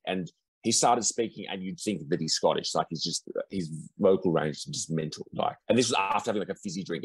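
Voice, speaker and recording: A man's voice: deep voice, slightly rough, no room sound, low-quality recording. A man who talks as a guest commentator on a casual podcast, rambling with many restarts and repeated agreement. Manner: rambling, lots of restarts and "yeah yeah". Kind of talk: casual chat.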